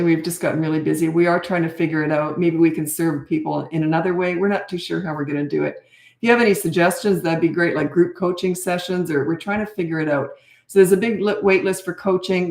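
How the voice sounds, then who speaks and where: A woman in her sixties with a gravelly, creaky edge to her voice answers parenting questions in a candid, self-deprecating chat. Her voice rings in a roomy, echoey space. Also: sits low, a little mellow. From Canada. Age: 60s. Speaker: parenting coach. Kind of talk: live Q&A chat.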